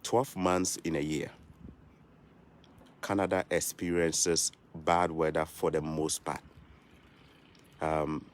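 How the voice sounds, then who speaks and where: A young man from Africa talking casually and earnestly to his viewers in a vlog, repeating his points like a preacher. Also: very deep voice. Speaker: vlogger. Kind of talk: casual vlog talk to camera.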